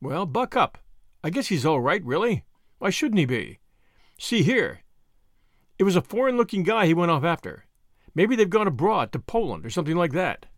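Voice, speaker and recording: A man's voice: sits high, very animated, normal speed, no room sound, studio quality, exaggerated voice. A man voicing a brash, generous young American with an American accent and breezy, confident slang.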